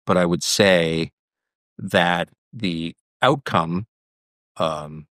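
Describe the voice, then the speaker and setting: A man's voice: deep voice, very slow, fairly bright tone, no echo, studio quality. An American man as the guest in a heated political conversation, talking in an emphatic, combative way and repeating his points for stress. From United States. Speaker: interviewee.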